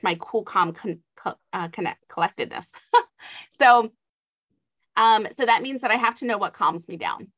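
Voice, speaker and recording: A woman's voice: mid-range voice, fairly bright tone. Earnest woman explaining, dull lo-fi audio. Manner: earnest, explanatory, with light laughs. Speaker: author and adoption guest. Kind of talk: conversational advice interview.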